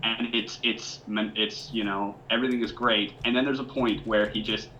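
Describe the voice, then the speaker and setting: A man's voice: lowish voice, fairly even intonation, moderate pace, bright, forceful tone, lo-fi sound, slight background noise. A man co-hosting a casual podcast, easygoing and hesitant, with many fillers. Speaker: podcast co-host. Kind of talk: casual chat.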